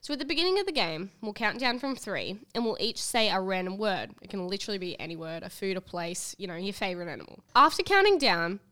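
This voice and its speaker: Young woman co-host, casual, very lively pitch. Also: quick pace, few pauses. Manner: reactive, explains game rules. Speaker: podcast co-host. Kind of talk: casual chat.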